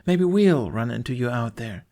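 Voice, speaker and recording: A man's voice: medium pitch, animated, normal speed, dark tone, close to an everyday voice. A man doing a bossy, firm Viking woman. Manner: firm, clipped, no-arguing.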